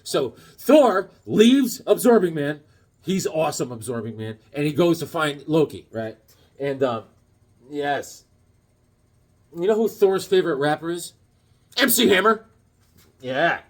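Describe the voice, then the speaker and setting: A man's voice: on the high side, expressive, measured pace, long pauses. A man hosting a casual comic book review, rambling and telling corny jokes as he talks. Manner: rambling and jokey, full of corny puns and asides. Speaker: comic book collector and channel host.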